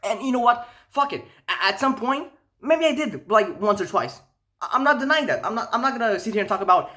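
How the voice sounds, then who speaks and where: A young man telling a casual, profane storytime rant, animated and incredulous. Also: very high voice, fast talker. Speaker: vlogger.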